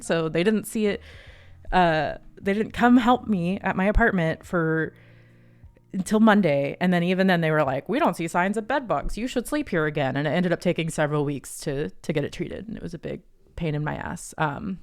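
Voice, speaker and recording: A woman hosting a casual livestream, chatty and giggly, breaking into high excited squeals. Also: moderate pace, vocal fry, no room sound. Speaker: livestream host. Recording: dry close sound, faint music behind.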